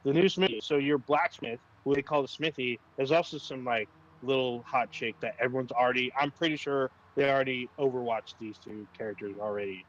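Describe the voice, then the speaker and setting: A man's voice: mid-range voice, brisk, a bit bright, lo-fi sound. A man co-hosting a casual gaming chat, rambling with lots of fillers and swearing. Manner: rambling, profane, frequent fillers. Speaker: podcast co-host.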